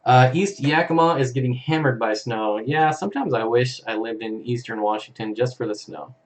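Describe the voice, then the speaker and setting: A man's voice: mid-range voice, normal speed. Easygoing man hosting a live stream. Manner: easygoing, chuckles often, reads comments aloud. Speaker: live-stream host for an aquarium channel. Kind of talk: casual live-stream chat reading viewer comments.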